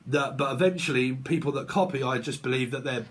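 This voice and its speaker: A man's voice: mid-range voice, a little fast, breathy edge. A man talking as a tarot reader in a blunt, sweary casual vlog rant, laughing often.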